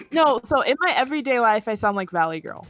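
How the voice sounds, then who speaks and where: A woman's voice: on the high side, sing-song, moderate pace, soft background music. A woman co-commentator in casual chat, talking in a valley girl way with lots of "like".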